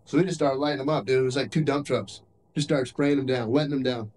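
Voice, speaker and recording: A man's voice: medium pitch, steady tone, quick pace, darkish tone, slight background noise, rough recording. A young male soldier telling combat stories in casual, profane, rambling talk, recorded on a handheld camcorder at a base in Iraq. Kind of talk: casual war story.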